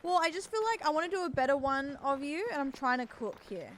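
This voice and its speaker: A woman's voice: high-pitched, animated, quick pace, crowd noise. A woman in her thirties with an Australian accent, streaming and chatting playfully while gaming. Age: 30s. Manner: playful, giggly. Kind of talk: casual gaming chat.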